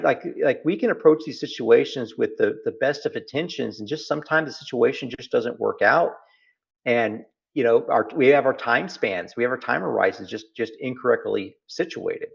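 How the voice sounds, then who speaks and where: An earnest man with a Texas accent talks through ideas in an interview, repeating key phrases for weight. His voice sits at a middle pitch. The audio is a little dull and lo-fi. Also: creaky. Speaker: interview guest. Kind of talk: reflective interview conversation.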